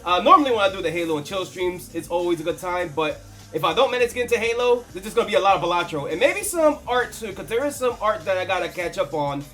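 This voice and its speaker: Relaxed streamer in a soft morning voice. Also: medium pitch, fast talker, faint music behind. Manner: quieter, softer morning voice than usual; rambling and relaxed, laughs easily. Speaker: live streamer. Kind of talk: casual stream chat.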